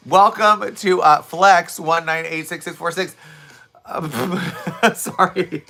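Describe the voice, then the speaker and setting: A Southwest Florida man, a fitness instructor, hosts a casual live stream with a high, bright, forward voice that's slightly raspy and scratchy from hours of talking and teaching. He's chatty and animated, laughing often and answering viewers' comments. Soft music plays behind him, and the streaming mic sits close to the camera.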